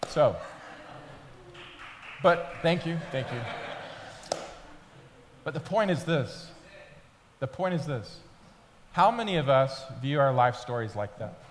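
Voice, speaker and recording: A man's voice: mid-range voice, lively intonation, takes it slowly, long pauses, a little hiss or hum. Pastor, male, 30s; conversational storyteller who builds to urgency; church hall reverb. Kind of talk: sermon. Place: church sanctuary.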